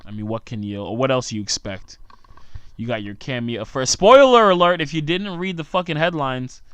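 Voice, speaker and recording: A man's voice: mid-range voice, normal speed, clean tone, no echo. A tired young man, hosting a solo podcast and ranting sarcastically in a rambling way. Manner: sarcastic, rambling rant with frequent asides. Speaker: podcast host.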